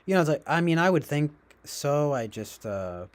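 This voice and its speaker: A young man hosting a livestream, musing out loud in a rambling way, full of fillers, self-corrections and little chuckles. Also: a little high, very animated, normal speed. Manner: chuckles often while talking. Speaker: livestream host. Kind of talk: casual rambling livestream talk.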